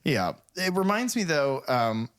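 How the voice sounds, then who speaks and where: A man's voice: a little high, big pitch swings, measured pace, a bit bright. A man co-hosting a podcast in casual chat, telling stories in a rambling way with lots of fillers and swearing. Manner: rambling storyteller, profane, many fillers. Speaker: podcast co-host.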